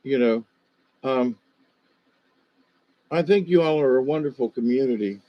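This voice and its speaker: A man's voice: medium pitch, unhurried, no echo, highs cut off. An older man with a slight Southern US accent, hosting a livestream in a meandering, hesitant casual monologue full of fillers. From Ohio, USA. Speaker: livestream host.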